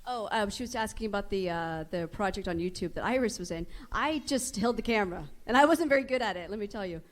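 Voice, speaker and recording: A woman's voice: mid-range voice, expressive, fast talker. A woman on a convention panel asking questions and telling a chatty, self-deprecating story. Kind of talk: casual stage chat.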